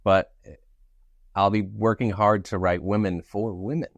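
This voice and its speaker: A young man co-hosting a podcast in casual chat, playful and jokey with sudden animated outbursts. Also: fairly low pitch, a little slow, no room sound, dull audio. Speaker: podcast co-host.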